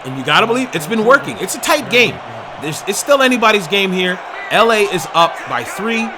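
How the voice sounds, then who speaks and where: Crowd noise and general din surround a man who talks briskly in a high voice, calling a football video game stream. His commentary is excited, frequently shouted, and openly indignant about the refereeing.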